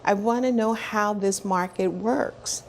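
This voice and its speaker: A woman in her sixties, a guest in an interview, telling her story with animated energy, acting out what others said and often laughing. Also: mid-range voice, slow, creaky, a little hiss or hum. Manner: animated storyteller who acts out quoted dialogue and repeats words as she builds up.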